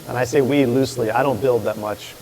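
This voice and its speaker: A man telling the story of opening his brewery in a casual chat, acting out what people said with lively restarts. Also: mid-range voice, fast. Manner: animated storyteller, acts out quotes with restarts. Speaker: brewery owner, guest.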